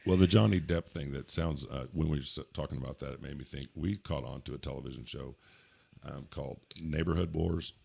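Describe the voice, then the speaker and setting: A man chatting casually as a podcast guest, joking and animated. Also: a bass voice, brisk, vocal fry, breathy edge. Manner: jokey and animated. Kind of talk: casual chat.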